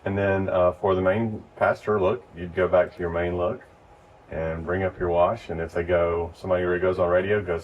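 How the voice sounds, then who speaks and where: Deep-voiced man teaching from across the room. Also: brisk, muffled recording. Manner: relaxed, explains step by step. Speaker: lighting instructor. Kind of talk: casual hands-on training. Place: church. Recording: distant mic with faint noise.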